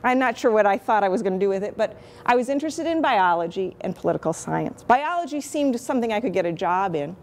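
A woman's voice: medium pitch, lively intonation, fast talker, hardly any pauses, a little mellow. A woman in her fifties with a Chicago accent, a microbiology professor giving a candid, chatty talk on teaching. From Chicago, USA. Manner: candid, chatty, self-deprecating.

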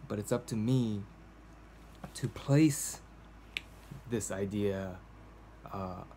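A man's voice: on the low side, drawn-out words, mellow, a little hiss or hum. A man recording a casual video journal at home, talking to the camera in a rambling, hesitant way, full of fillers and restarts. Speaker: vlogger. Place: cold home indoors.

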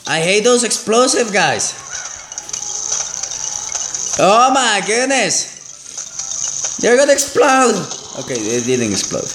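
Gaming host, male, fairly high and very animated delivery, excitable, repeats lines, roomy echo. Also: slow pace, pauses often, noisy background. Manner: excitable, exclaiming and repeating himself. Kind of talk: let's play commentary.

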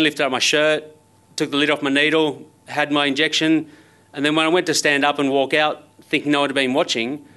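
A man's voice: mid-range voice, bright, forceful tone. An Australian man in his thirties giving a conference keynote, telling personal stories with wry, self-deprecating humour in a conversational way. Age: 30s. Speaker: motivational speaker. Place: conference stage.

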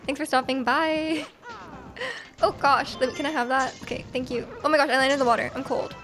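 A woman's voice: high voice, steady tone, fairly quick, fairly bright tone, faint music behind. A woman live-streaming a video game, chatting casually with her chat, giggling often and reading messages aloud.

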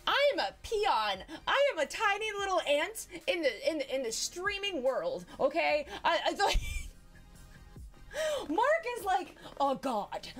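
A woman's voice: extremely high pitch, a bit bright. A woman streamer, chatting casually and giggling as she greets viewers one by one. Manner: bubbly, giggly, greets viewers as baby and dude.

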